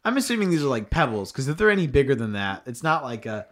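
A man's voice: mid-range voice, big pitch swings, quick pace, a loud crowd. Giggly man riffing on a story. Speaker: co-host. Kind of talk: laughing, joking chat over a story reading.

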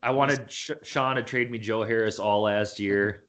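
A young man co-hosting a podcast, chatting excitedly about basketball with quick jokes and swearing. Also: lowish voice. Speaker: podcast co-host. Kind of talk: casual sports chat.

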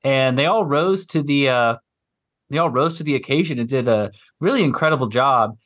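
A man from Kansas, a film director giving halting interview answers with frequent ums and uhs. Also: medium pitch, lively intonation, a bit bright. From Kansas, United States.

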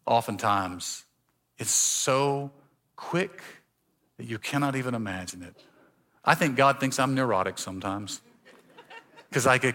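Bright-voiced man preaching a story-driven sermon. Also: medium pitch, normal speed, long pauses. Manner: storytelling, shifting between loud emphasis and quiet, hushed lines. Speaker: pastor. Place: church.

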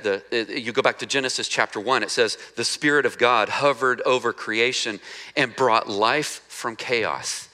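A male pastor delivering a sermon with a bright, forceful tone. He preaches in a conversational way, putting rhetorical questions to the congregation. He acts out the lines he quotes and goes quieter and slower when reading scripture. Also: mid-range voice.

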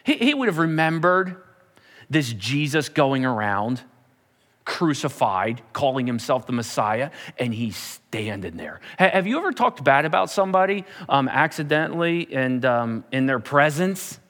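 A man's voice: mid-range voice, unhurried. Pastor guy preaching, voice jumps all over, big echoey church hall. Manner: animated storytelling, repeats words when building up. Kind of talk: sermon.

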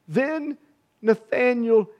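A man's voice: very high voice, extremely slow, dull audio. A man preaching a sermon in a fervent, emphatic way, repeating phrases for stress.

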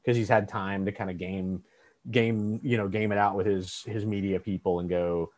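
A man's voice: lowish voice, fairly even intonation, moderate pace, a little mellow, no room sound. A man co-hosting a casual debate podcast, talking animatedly, acting out quotes and swearing freely. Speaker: podcast co-host.

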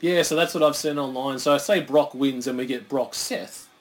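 A man's voice: medium pitch, normal speed. Chatty man speculating over wrestling. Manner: chatty, speculative, laughs often. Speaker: co-host. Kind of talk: casual watch-along chat. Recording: faint background noise, lawnmower outside.

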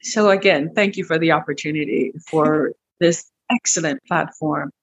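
A middle-aged woman guest in an interview, telling a personal story in a lively, animated way, repeating words as she goes. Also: moderate pace, slight background noise. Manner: animated, breaks into high quoted voices, repeats words. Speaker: interview guest, wellness clinic owner.

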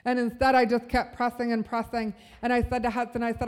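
A woman's voice: on the high side, level tone, fast talker, hardly any pauses, a little mellow, clear, resonant tone, big-room sound. A woman giving a sermon at a church service, telling a personal story and building to a fervent call to the room. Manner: earnest, storytelling, rising to fervent.

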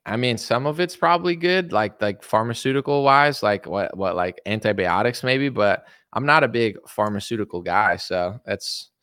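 A man's voice: lowish voice, gravelly, a bit bright, no room sound, studio quality. A young man hosting a casual livestream, rambling and sarcastic with lots of filler words while he reads viewer chats. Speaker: livestream host.

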